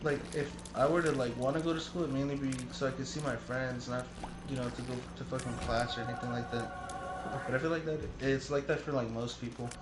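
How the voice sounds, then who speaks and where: A man's voice: mid-range voice, steady tone, brisk, reverberant, noisy background. A man in his early twenties chatting casually, telling rambling stories and swearing freely. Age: 20s. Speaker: streamer. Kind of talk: casual chat.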